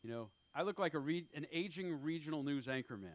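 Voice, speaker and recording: A man in his fifties doing an open-mic stand-up set on a comedy club stage. He talks in a rambling, self-deprecating way, halting often with fillers. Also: a little high, animated, noisy background. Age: 50s.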